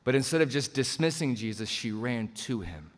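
A man's voice: medium pitch, lively intonation, moderate pace. A man preaching a sermon in a conversational way, slipping into quoted voices as he retells the passage. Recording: long hall reverb.

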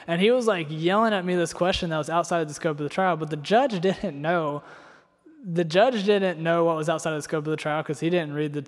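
A young man from North Carolina delivers a sermon full of personal stories. He rambles and pokes fun at himself, leaning on filler words. His voice sits a little high and rings out with long reverb across a church hall. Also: brisk. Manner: rambling, self-deprecating, heavy on filler words. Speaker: preacher.

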